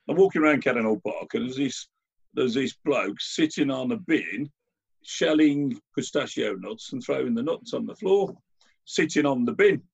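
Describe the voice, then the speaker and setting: A man talks in a casual chat, his voice gravelly and a little husky. He tells stories with lively restarts. The audio is dull and lo-fi. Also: medium pitch. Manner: animated storyteller, many restarts. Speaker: guest. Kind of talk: casual conversational anecdote.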